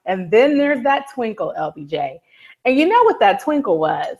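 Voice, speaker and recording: A woman co-hosting a live TV recap show, an animated storyteller who keeps repeating a catchphrase. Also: a little high, normal speed, highs cut off. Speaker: podcast co-host.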